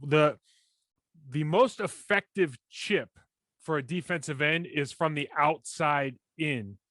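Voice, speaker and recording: A man in his forties co-hosting a casual sports podcast, animated and breaking down plays in detail with many restarts. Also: fairly high pitch, slow, dry recording. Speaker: podcast co-host, former NFL lineman.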